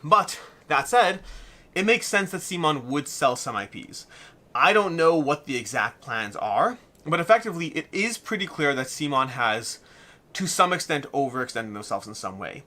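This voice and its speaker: A man's voice: fairly high pitch, very animated, normal speed, sharp tone. A man hosting a weekly live Q&A stream, reading viewer comments and thinking aloud in a rambling way, a little out of breath.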